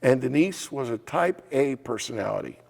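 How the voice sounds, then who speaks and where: An older man, a former legislator and state official, telling anecdotes in an oral history interview with a gravelly voice. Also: mid-range voice, moderate pace. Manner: animated anecdotes with acted quotes and laughs. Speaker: former legislator and assistant insurance commissioner. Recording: hall reverb.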